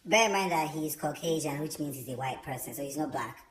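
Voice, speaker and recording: A young man telling a storytime vlog, chatty and animated, with many fillers. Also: a little high, brisk. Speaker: vlogger. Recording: roomy echo.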